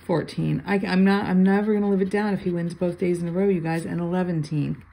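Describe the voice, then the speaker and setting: A woman's voice: lowish voice, fairly even intonation, brisk, creaky, warm tone, low-quality recording. An older woman reading out lottery numbers and chatting playfully as she scratches tickets, sometimes muttering under her breath. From Florida. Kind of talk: casual chat while scratching tickets.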